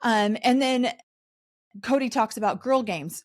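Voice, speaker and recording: A woman's voice: a little high, measured pace. A woman co-hosting a podcast, recapping a reality show in casual chat and mocking the people she talks about. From raised in a polygamous community. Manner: animated, mocking impressions of others. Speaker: podcast co-host.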